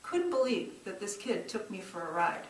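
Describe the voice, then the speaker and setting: A middle-aged woman shares a personal testimony in an earnest, reflective voice, restarting phrases and pushing certain words hard. Her pitch sits mid-range. The sound is roomy and a little distant, with faint ambience behind it. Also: very animated, moderate pace, a little hiss or hum. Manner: earnest, reflective, with many restarts and emphatic rises. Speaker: church social service minister.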